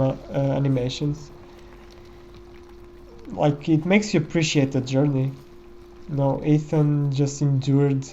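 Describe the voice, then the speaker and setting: A man's voice: fairly high pitch, mellow, highs cut off, a little hiss or hum. A man giving casual gameplay commentary in a reflective, musing way, often tagging his thoughts with "you know.".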